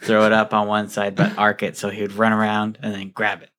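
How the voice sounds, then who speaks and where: A young man co-hosting a casual podcast, calmly telling a story about a friend. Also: lowish voice, a little fast. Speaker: podcast co-host. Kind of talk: casual chat.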